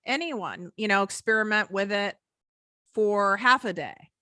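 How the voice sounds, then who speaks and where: A middle-aged woman business coach speaking as a podcast guest, earnest and animated, often acting out the voices in her head. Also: medium pitch, unhurried, dry recording, studio quality. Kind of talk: conversational interview.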